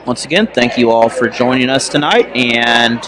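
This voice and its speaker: A young man giving casual, chatty play-by-play for a high school basketball game, now and then correcting himself. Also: moderate pace. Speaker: play-by-play announcer. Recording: noisy gym recording.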